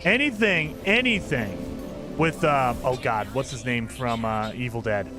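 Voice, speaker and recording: A man's voice: medium pitch, expressive, unhurried, over music. A man streaming a video game, chatting casually and rambling with enthusiasm, often laughing at himself. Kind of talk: casual chat while gaming.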